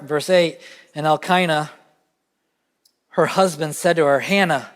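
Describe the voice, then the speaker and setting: Southern male pastor, higher-pitched, earnest conversational preaching, lingering church reverb. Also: a little slow, pauses often. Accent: Southern American. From Southern United States. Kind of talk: sermon. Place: church sanctuary.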